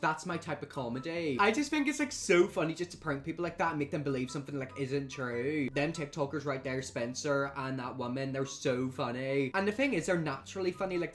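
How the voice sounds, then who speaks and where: Fast-talking young man reacting to clips. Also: medium pitch. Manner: chatty, animated, laughs often. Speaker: reaction video host. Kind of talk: casual chat reacting to clips.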